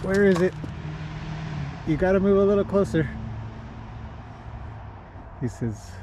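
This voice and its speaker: A horse trainer and owner chats casually in a walk-and-talk vlog as he strolls outdoors among his horses, greeting them in a lifted, sing-song voice. His voice sits high with lively intonation and a slow pace, and background noise can be heard.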